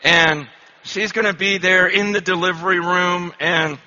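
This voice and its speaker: A man in his forties preaches a conference sermon in a high, steady voice that's a little slow, pushed, and bright. He tells stories in a conversational, self-deprecating way that builds toward impassioned urgency, captured in a dull lo-fi conference recording.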